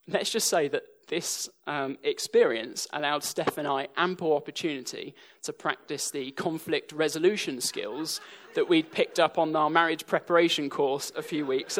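A young English man preaching a sermon, telling stories with a dry sense of humour. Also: fairly high pitch. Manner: dry humour woven into storytelling.

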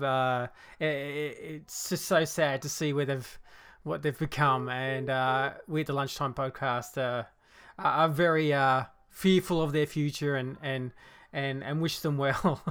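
An Australian man hosting a casual sports podcast, excited and jokey, often restarting his sentences. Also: on the high side, smooth. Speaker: podcast host.

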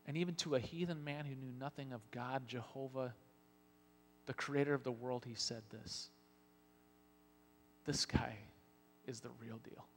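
A man preaching a sermon as pastor, telling Bible scenes with lively acted-out lines. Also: medium pitch, unhurried, long pauses, slight background noise. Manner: animated storytelling, acting out Bible scenes. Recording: long hall reverb.

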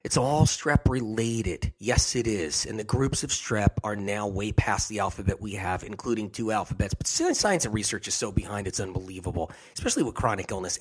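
A man's voice: lowish voice, slightly rough. A man hosting a health talk, rambling in an unscripted monologue, repeating phrases and laughing at himself.

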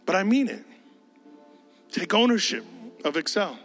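A man's voice: high-pitched, big pitch swings, unhurried, fairly bright tone, big-room sound, soft background music. A man preaching to his youth group in a casual, joking way, often mimicking teenagers' voices. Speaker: youth pastor. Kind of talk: sermon.

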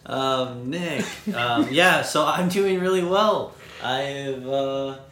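A man co-hosting a podcast in casual chat, relaxed and halting with many fillers. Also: mid-range voice. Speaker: podcast co-host. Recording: echoey room, faint noise.

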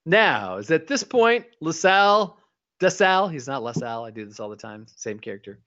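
Man, podcast co-host, casual recap, lively pitch, rambling delivery, dull lo-fi sound. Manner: animated, rambling, breaks into quick impressions. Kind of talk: casual chat recapping an episode. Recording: dull lo-fi audio.

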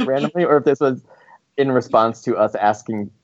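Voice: mid-range voice, normal speed, muffled recording, a little hiss or hum. A podcast co-host in casual chat, reading listener questions and laughing a lot.

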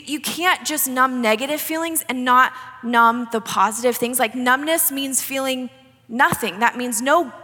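Bright, high-voiced woman giving a devotional. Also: husky, in a large hall. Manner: earnest, conversational, with frequent restarts and "like". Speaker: speaker giving a devotional talk. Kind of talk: sermon-style devotional talk.

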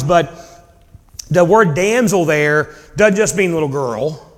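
A man preaches in a high voice, mixing old scripture wording with casual retellings of the dialogue. His words ring out with the long reverb of a church hall. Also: fairly bright tone. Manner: preaching with paraphrased dialogue and dramatic pauses. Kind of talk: sermon.

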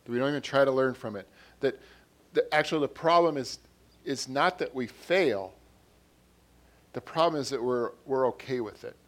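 A man delivers an earnest sermon, repeating phrases and raising his volume whenever he reads quotations or scripture. His voice sits in the middle range and moves at a moderate pace.

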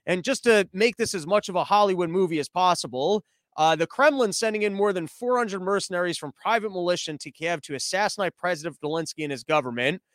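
A man hosting a casual podcast monologue, rambling, profane and animated. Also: sits high, fast, dry recording. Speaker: podcast host.

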